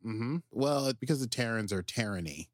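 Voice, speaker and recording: A man co-hosting a podcast, recapping episodes in casual, animated chat. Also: medium pitch, moderate pace, no echo, clean studio sound. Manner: animated, jumps into quoted character voices. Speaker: podcast co-host.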